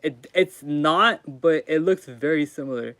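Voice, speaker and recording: A man's voice: fairly high pitch, measured pace, a bit bright, no echo. A young man streaming live, rambling casually as he reads and answers chat in slangy talk. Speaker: streamer reading aloud. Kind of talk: casual livestream commentary.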